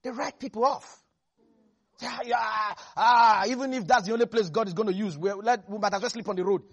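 A man preaching a sermon, his voice pitched high and slightly husky. He is animated, acting out the people in the story as he goes and breaking into laughter often. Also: a little fast, lo-fi sound. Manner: animated, acts out biblical figures, laughs often.

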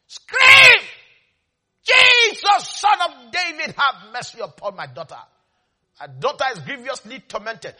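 A man's voice: very high-pitched, animated, measured pace, sharp tone, raised voice, voice pushed up, exaggerated voice. A man preacher voicing a desperate Canaanite mother screaming to Jesus for help for her daughter. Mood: pleading. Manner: shrieking, pleading.

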